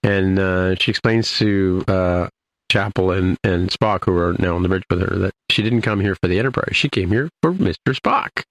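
A man's voice: deep voice, moderate pace, rough recording. A man in casual conversation, loosely and ramblingly retelling scenes from an episode as a podcast co-host. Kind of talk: casual episode recap chat.

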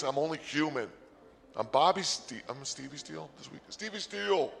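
A man doing a rambling, absurd comic story on the radio, excitable at times. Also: on the high side, normal speed, creaky, in a large hall.

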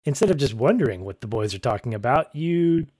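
A man's voice: mid-range voice, animated, a little fast, darkish tone, no echo. A man co-hosting a podcast, recapping a TV episode in a chatty, casual way, laughing often and acting out quotes. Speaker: podcast co-host.

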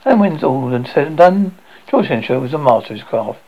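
A man voicing a sharp-tongued, sarcastic older mother who scolds her grown son, in a storybook reading. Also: fairly high pitch, animated, brisk, highs cut off. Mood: fond.

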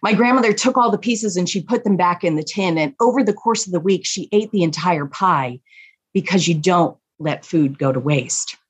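A woman telling a family story in an unhurried, reflective way. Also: lowish voice, husky. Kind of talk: personal story told to an audience.

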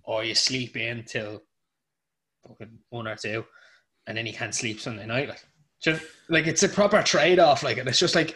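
A man's voice: mid-range voice, normal speed, a bit bright. Rambling Irish man, casual sports chat. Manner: swearing, rambling with many "like"s. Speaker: podcast co-host.

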